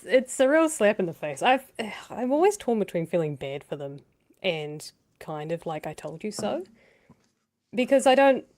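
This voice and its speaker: A woman's voice: medium pitch, darkish tone. A woman co-hosting a podcast, giving earnest, thoughtful political commentary with frequent restarts. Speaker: podcast co-host.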